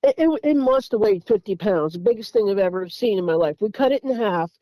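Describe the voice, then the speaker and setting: A woman, telling her own story in a casual, halting way, with frequent restarts. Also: mid-range voice, expressive, dark tone, no echo, poor audio. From Tennessee. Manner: halting, repeats words, restarts sentences.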